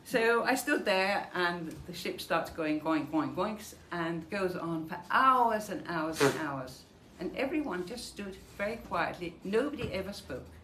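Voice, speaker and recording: A woman's voice: on the low side, lively intonation, a little slow, few pauses, fairly bright tone. An older woman from Denmark telling her own wartime memories in a vivid storytelling manner, acting out the dialogue. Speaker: Holocaust survivor giving a talk. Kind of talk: personal memoir talk. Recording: echoey room with faint noise.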